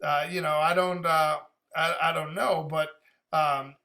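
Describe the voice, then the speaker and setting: A man's voice: a little high, flat delivery, a little slow, gravelly, pushed and bright. A man reacting to a rap song, thinking aloud about the lyrics, laughing often and swearing casually. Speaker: reaction video host.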